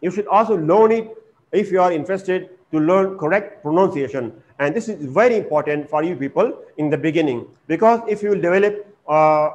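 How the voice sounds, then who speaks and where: A high-voiced man gives a slow, deliberate vocabulary lesson in English, pausing often on "uh." He repeats each word syllable by syllable with exaggerated stress, and the lo-fi recording sounds dull and muffled.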